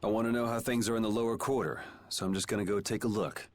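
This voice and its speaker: A man's voice: lowish voice, fairly even intonation, fast, a little hiss or hum, close to an everyday voice. An actor voicing a sardonic young male swordsman in a video game, with a dry, curt, dismissive manner. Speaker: game character.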